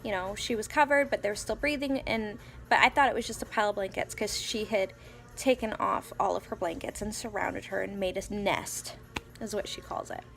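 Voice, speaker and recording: Speaking a little fast with a mid-range voice and vocal fry, this young mom of three young kids loosely tells a story for her home vlog, stumbling through fillers and restarts. She softly whispers her child's words, while music plays faintly in the background.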